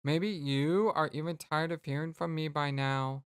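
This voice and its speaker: A let's play host voicing a gentle, polite young alien girl who speaks slowly and formally, reading game dialogue aloud. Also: medium pitch, clean tone, no echo, clean studio sound, close to an everyday voice. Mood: earnest. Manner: slow, formal, careful speech.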